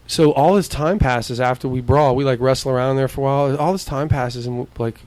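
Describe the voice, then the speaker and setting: A man's voice: mid-range voice, brisk, no echo. A man from Arizona, co-hosting a podcast, telling a story casually and acting out the people in it, swearing freely. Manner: animated, acts out quoted voices, swears freely. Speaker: podcast co-host.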